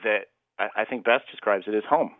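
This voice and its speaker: A man's voice: lowish voice, brisk, dry recording. Earnest man on a tinny phone line. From Canada. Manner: earnest, rambling storyteller. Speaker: guest. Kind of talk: radio phone interview.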